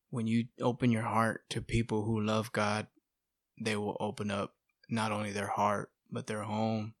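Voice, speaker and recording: A middle-aged man with a lowish voice tells his life story as a guest giving testimony, chatting casually and acting out what people said. He's animated and leans heavily on "you know" and "bro." The recording is clean studio sound with no echo.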